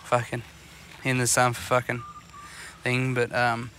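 A man's voice: mid-range voice, completely flat delivery, unhurried, sharp tone, a little hiss or hum. A man with an Australian accent co-hosting a podcast, telling rambling anecdotes full of swearing while out on a fishing boat. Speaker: podcast co-host. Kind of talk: casual chat.

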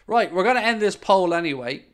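A man's voice: high voice, lively intonation, a little fast, a bit bright. A man hosting a casual live-stream podcast, answering viewer comments bluntly and swearing when worked up.

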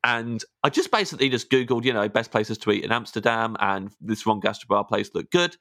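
A man's voice: fairly low pitch, a little fast, bright, forceful tone, no room sound, clean studio sound. An English man who is a comedian, telling rambling, self-mocking anecdotes in a casual podcast chat and often stumbling over restarts. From England. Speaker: comedian guest.

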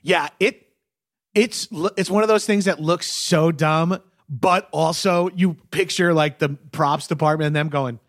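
Male podcast guest, slightly higher voice, jokey, laughs a lot, swears. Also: unhurried. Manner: joking, laughs often, profane. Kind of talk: casual chat.

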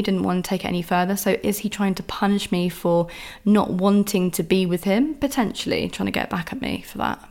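A woman's voice: mid-range voice, darkish tone. A young woman hosting a podcast, telling a story in an exasperated, ranting monologue with heavy swearing. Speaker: podcast host. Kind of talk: candid solo monologue.

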